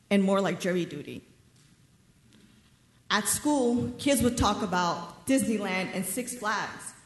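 A woman in her thirties from New York telling a personal story on a theater stage, measured and wryly funny. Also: medium pitch. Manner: wry, measured storytelling with dry humor. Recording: roomy theater reverb.

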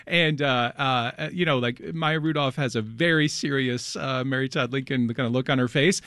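A man's voice: mid-range voice, moderate pace, fairly bright tone, no echo, clean studio sound. A man hosting a public radio pledge drive, chatting loosely with fillers and urging listeners to give. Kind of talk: fundraising pitch.

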